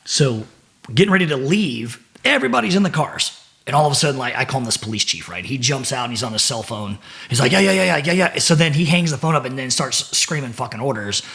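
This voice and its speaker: Guesting on a podcast, a former Navy SEAL in middle age spins a casual story at a quick pace and medium pitch. He swears freely, stays animated, and keeps repeating words and restarting phrases.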